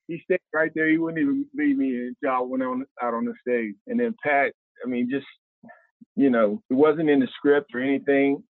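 A man's voice: mid-range voice, normal speed, no echo. A man in his fifties from Ohio, a podcast guest telling stories in a casual, slangy way and acting out what others said. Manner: animated, slangy, acts out other people's lines. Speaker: guest, former pro basketball player. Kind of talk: casual storytelling. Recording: tinny phone-like remote line, dry.

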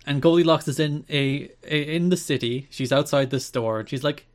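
A man with a medium-pitched voice co-hosting a laid-back podcast. He recaps things in a dry, amused way, with chuckles between points. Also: fairly even intonation, brisk, few pauses. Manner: dry, recounting with laughs. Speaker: podcast co-host. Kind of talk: casual wrestling podcast chat.

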